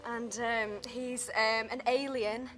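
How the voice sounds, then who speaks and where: A young woman being interviewed as a guest actress, chatty and excitable with lots of hesitant ums. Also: on the high side, slow, faint music behind. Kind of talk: casual chat.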